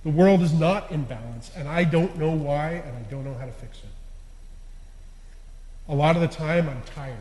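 A man giving a sermon as a lay preacher, earnest and confessional, pressing hard on some words and dropping to a hush at line ends. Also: a little high, moderate pace, long pauses. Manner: earnest, confessional, swinging between loud stresses and quiet endings. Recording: echoey hall with long reverb.

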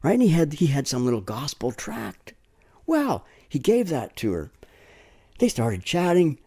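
A man's voice: a little high, huge pitch swings, unhurried, dark tone, breathy edge. A man preaching a sermon, telling stories conversationally and checking in with "right?" tag questions.

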